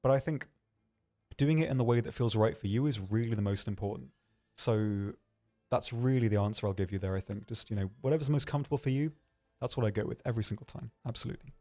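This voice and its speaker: A man hosting a livestream, answering viewer questions in a hesitant, rambling way with dry, deadpan humor. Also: mid-range voice, quick pace. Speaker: livestream host.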